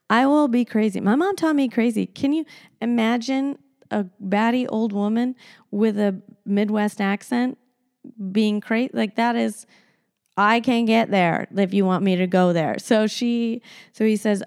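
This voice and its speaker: A woman hosting a podcast alone, telling a story in casual chat, animated and blunt, laughing often and swearing freely. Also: fairly high pitch, unhurried. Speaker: podcast host.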